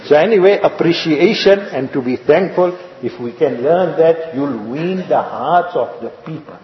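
Through an echoey lo-fi hall recording comes a preacher with a slightly high voice, lively intonation, and moderate pace. His sermon is built on storytelling, rhetorical questions to the congregation, and repetition of his points.

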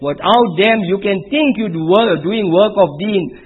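A man's voice: high voice, measured pace, few pauses, breathy edge. A man giving a religious talk at a spiritual retreat, telling stories and mixing Urdu religious terms into his English. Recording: tinny phone-like recording.

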